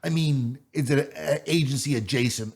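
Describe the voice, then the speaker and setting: A man's voice: mid-range voice, moderate pace, a little mellow. A man co-hosting a podcast in casual chat, rambling and circling back to his points. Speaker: podcast co-host.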